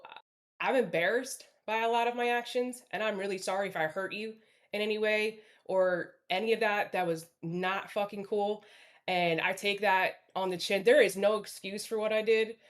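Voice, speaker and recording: A woman's voice: mid-range voice, fairly even intonation, moderate pace. A woman talking bluntly and apologetically on a livestream panel over a video call, swearing often. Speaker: stream panel guest. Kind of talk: candid livestream chat.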